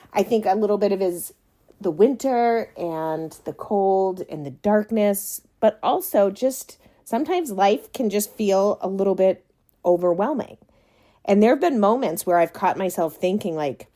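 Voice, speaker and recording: A woman hosting her own wellness podcast, talking in a soft, slow, reassuring way with small laughs. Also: medium pitch, animated. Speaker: podcast host and coach. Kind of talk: gentle reflective podcast monologue.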